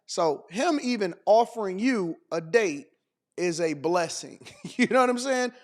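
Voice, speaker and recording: A man with a notably high voice delivers reaction commentary in a preachy, emphatic way. He hammers points with rhetorical questions and repeats his phrases to drive them home. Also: expressive, normal speed. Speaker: dating commentator.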